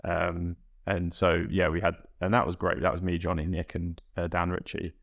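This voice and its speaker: Low, gravelly man. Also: flat delivery, a bit bright. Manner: reflective, halting, self-correcting. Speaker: guest, Olympic rower. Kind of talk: casual podcast interview.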